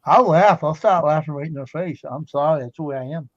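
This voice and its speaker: Husky higher-voiced man telling anecdotes, dry lo-fi sound. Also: fairly quick, dry recording. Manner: laughs easily, tells anecdotes. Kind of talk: casual chat.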